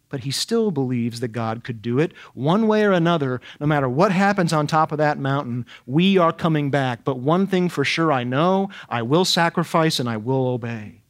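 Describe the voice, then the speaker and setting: Guy preaching, kinda high voice, lots of rhetorical questions and repeating himself for effect. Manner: dramatic rhetorical questions, emphatic repetition. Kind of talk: expository sermon.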